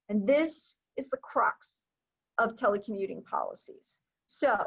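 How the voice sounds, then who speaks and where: Woman presenting a training webinar, lo-fi. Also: a little high. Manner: explanatory, conversational, with fillers. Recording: dull, lo-fi webinar audio.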